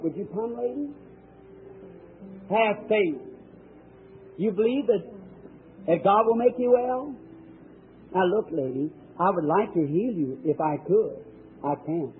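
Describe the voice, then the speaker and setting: A male evangelist preaching at a healing service, fervent and emphatic, calling out to people in the audience. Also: sits high. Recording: tinny old lo-fi recording with faint hiss.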